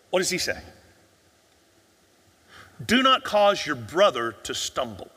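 Preaching in a high, ringing voice with a sharp, slightly rough edge, the pastor fires rhetorical questions at his congregation and drops nearly to a whisper to drive points home. The long echo of a big church sanctuary surrounds his sermon.

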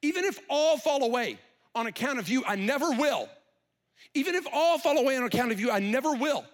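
A man voicing an overconfident apostle who boasts loudly, as a pastor acts out a scripture scene. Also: very high voice, expressive, brisk, voice pushed up. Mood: boastful. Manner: loud, emphatic declaration.

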